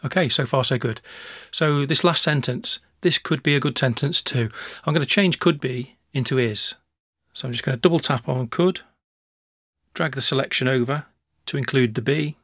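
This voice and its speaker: A man narrating a screencast software tutorial, talking through each step in a relaxed way with small restarts. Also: mid-range voice, normal speed, no room sound, studio quality.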